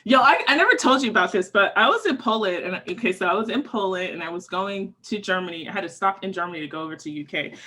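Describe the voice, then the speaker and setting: A woman's voice: mid-range voice, animated, fast talker, few pauses, pushed and bright. American woman, podcast co-host, loose rambling chat with restarts. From United States. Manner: rambling, lots of fillers and restarts. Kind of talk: casual chat.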